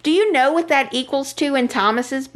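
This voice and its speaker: A woman's voice: high-pitched, normal speed, a bit bright. A woman co-hosting a casual podcast, chatting her way through a soap opera recap. She tells it loosely, with plenty of fillers, and slips into quoting the characters. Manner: chatty, recounts scenes with fillers and acted quotes. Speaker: podcast co-host.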